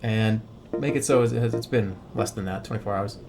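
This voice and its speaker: A man's voice: on the low side, a little fast, gravelly, over music. A man streaming a video game, joking and repeating himself as he talks back to it. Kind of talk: casual live-stream commentary.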